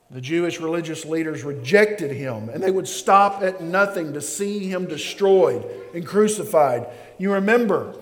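Emphatic preaching man, high-pitched and slow. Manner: emphatic preaching, swells and drops in volume; calls on the congregation to respond. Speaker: pastor. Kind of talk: sermon. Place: church sanctuary. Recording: long reverb of a large hall.

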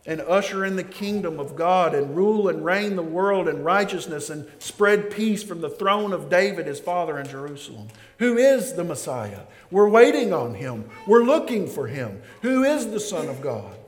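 Emphatic preaching man, high-pitched and slow. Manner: emphatic preaching, swells and drops in volume; calls on the congregation to respond. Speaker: pastor. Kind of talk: sermon. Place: church sanctuary. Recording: long reverb of a large hall.

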